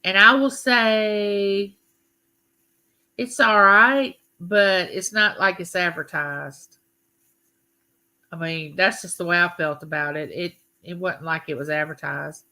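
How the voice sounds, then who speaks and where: Woman, live-stream chat, unhurried delivery, crisp bright tone. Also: fairly low pitch, fairly even intonation. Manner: chatty, greets viewers by name. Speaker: livestream host.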